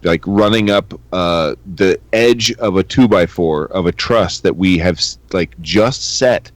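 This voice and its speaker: A man co-hosting a podcast in crude, joking casual chat, acting out quotes. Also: deep voice. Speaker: podcast co-host.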